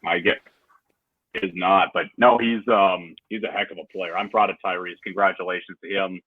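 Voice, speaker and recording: A man co-hosting a casual sports podcast, talking in an animated way, laughing easily and restarting his sentences. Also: deep voice, moderate pace, breathy edge, no room sound. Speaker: podcast co-host. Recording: tinny phone-like line.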